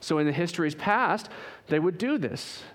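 A man preaching with a high voice. He swings from punchy, raised emphasis to quiet, slowed-down phrases, with a dramatic sermon delivery. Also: expressive. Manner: dynamic preaching, swings from loud emphasis to hushed drawn-out phrases.

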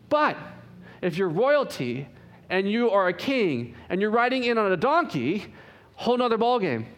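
A man preaching with a high voice. He swings from punchy, raised emphasis to quiet, slowed-down phrases, with a dramatic sermon delivery. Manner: dynamic preaching, swings from loud emphasis to hushed drawn-out phrases.

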